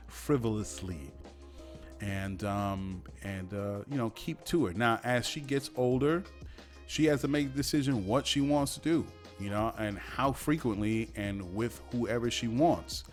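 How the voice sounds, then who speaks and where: A man hosting a podcast in a casual commentary monologue, profane and heated, moving from calm talk to loud shouting. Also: on the low side, a little slow, soft background music. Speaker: podcast host.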